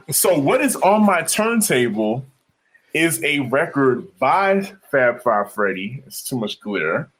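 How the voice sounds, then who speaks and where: A man's voice: medium pitch, big pitch swings, slow pace, fairly bright tone, a little hiss or hum. A man, a DJ co-hosting a podcast, telling stories about records in a laid-back, casual chat. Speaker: podcast co-host, DJ.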